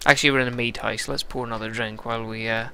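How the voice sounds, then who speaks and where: A man's voice: medium pitch, steady tone, quick pace, vocal fry, bright, forceful tone, slight background noise. A man casually commentating a video game he is playing, making joking, self-deprecating asides. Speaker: lets-play narrator.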